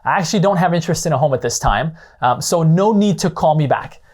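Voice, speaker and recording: A man's voice: a little high, animated, fast talker, darkish tone. A man doing a curt, annoyed man brushing off a caller. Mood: hurried. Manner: brusque, interrupting. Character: curt annoyed man dodging a cold call.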